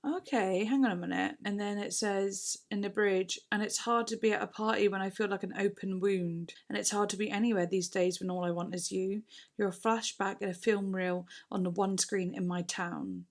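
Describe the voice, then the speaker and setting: Woman, music reactor, excitable, swears, reads lyrics aloud, mid pitch. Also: moderate pace. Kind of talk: casual reaction commentary.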